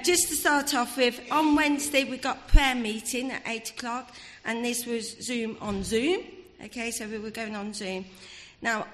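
A woman's voice: a little high, a bit bright. Woman reading church notices in a reverberant hall. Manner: informal, stumbles over names.

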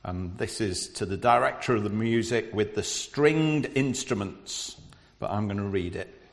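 A man's voice: lowish voice, unhurried, creaky. Scouse man preaching in an echoing church. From Liverpool, England. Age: middle-aged. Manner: chatty, with frequent hesitations. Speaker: visiting preacher. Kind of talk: church service address. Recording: reverberant church hall.

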